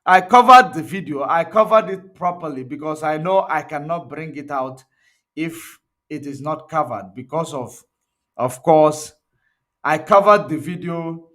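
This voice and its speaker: A man's voice: on the high side, unhurried, a bit bright. A man giving emphatic, repetitive livestream commentary. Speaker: online commentator.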